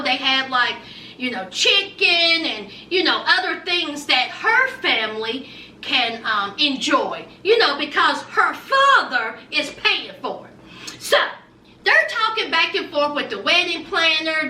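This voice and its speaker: A woman's voice: very high-pitched, pushed and bright, reverberant, distant mic, slight background noise. A woman giving a chatty, sassy recap of a reality show, talking straight to her viewers. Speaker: recap vlogger.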